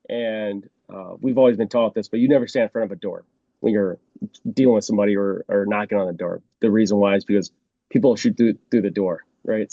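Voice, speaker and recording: A man's voice: mid-range voice, warm tone, no echo, highs cut off. A man who used to be a police officer tells a story in a casual way, acting out the scene and laughing often. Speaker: former police officer guest.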